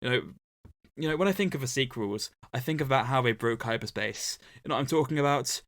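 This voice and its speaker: A man co-hosting a relaxed book-club podcast, walking through a story's events in a steady, mid-pitched voice. He drops in deadpan jokes between recap points. The sound is dry and close, with no room echo. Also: a little fast. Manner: dry joking asides between plot recaps. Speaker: podcast co-host. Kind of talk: casual book-club podcast, summarizing a novel.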